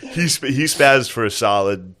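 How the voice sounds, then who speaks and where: A man's voice: medium pitch, lively intonation, normal speed, crowd noise. A man in his thirties co-hosting a comedy podcast, telling profane family stories and laughing often. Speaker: podcast co-host. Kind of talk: casual comedic storytelling.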